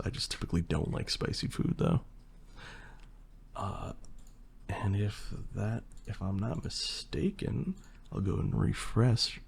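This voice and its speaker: A young man with a hoarse, partly lost voice, chatting casually and rambling through a Q&A as an ASMR creator. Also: sits low. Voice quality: gravelly and husky. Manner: relaxed, rambling, with fillers and swearing. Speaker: ASMR creator answering questions. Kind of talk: casual Q&A chat.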